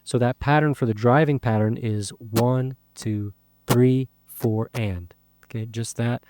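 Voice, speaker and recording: A man teaching a guitar song in a relaxed, casual way, counting beats aloud with frequent fillers. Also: medium pitch, unhurried, a little hiss or hum. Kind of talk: casual spoken lesson.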